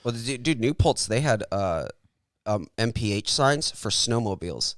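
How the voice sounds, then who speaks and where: A man's voice: fairly low pitch, animated, moderate pace, dry recording, clean studio sound. A man co-hosting a podcast, asking the guest casual, teasing questions. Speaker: podcast co-host.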